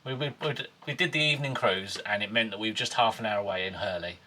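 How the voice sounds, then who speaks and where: A man's voice: fairly low pitch, quick pace, pushed and bright, a little hiss or hum. A middle-aged man chatting casually as a vlogger, stumbling over restarts and laughing easily. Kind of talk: casual chat.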